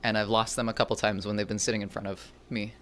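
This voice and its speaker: This cooking streamer talks quickly in a mid-range, fairly bright voice with a flat delivery. While cooking, they chat casually with viewers, ramble, and make fun of their own errors.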